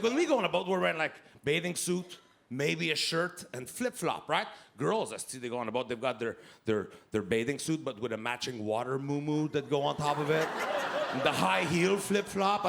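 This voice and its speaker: A man in his fifties with a Québécois French accent doing a loud, animated stand-up set, shouting his punchlines. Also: a little high, gravelly, noisy background. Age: 50s. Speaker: stand-up comedian. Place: comedy club stage. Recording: live club with loud crowd laughter. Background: audience laughing.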